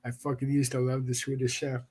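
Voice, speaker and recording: A man's voice: mid-range voice, completely flat delivery, darkish tone. A man calling in to a livestream, chatting casually and hesitating as he starts his points. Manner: hesitant, halting, laid-back. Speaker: guest on a livestream call. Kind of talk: casual chat.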